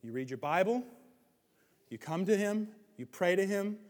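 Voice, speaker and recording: A man preaching a sermon as pastor, animated, swinging between loud, excited stretches and hushed ones. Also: sits high, moderate pace. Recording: hall reverb.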